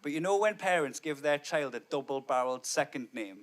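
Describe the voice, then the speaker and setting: A man, doing brash, sweary stand-up on stage through a microphone, dropping to low mutters and rising to loud bursts. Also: expressive, brisk. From North East England. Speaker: stand-up comedian. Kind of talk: stand-up comedy. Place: theatre stage before a live audience.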